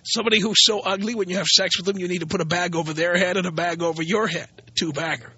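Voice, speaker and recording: A man's voice: high voice, steady tone, quick pace, pushed and bright, slightly rough, no room sound, highs cut off. A man hosting a radio talk show, delivering a blunt, sarcastic, opinionated monologue.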